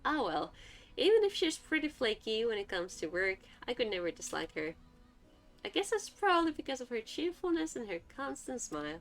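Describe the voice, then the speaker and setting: A woman's voice: a little high, big pitch swings, brisk. A woman streamer reading a visual novel aloud, breaking off for chatty, laughing asides. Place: home streaming setup. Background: faint background music.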